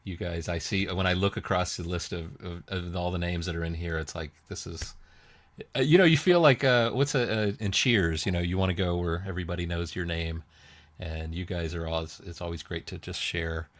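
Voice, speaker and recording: Low-voiced rambling male co-host. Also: steady tone, a little fast. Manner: rambling storyteller, many restarts, lapses into squeaky high voices for other people. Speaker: podcast co-host. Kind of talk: casual chat.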